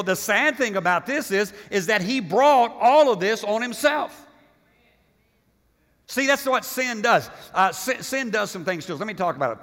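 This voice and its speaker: Man, pastor, sermon, emphatic and repetitive, bright tense tone, long hall reverb. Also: high voice. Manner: emphatic preaching, repeats words, swings from loud to hushed.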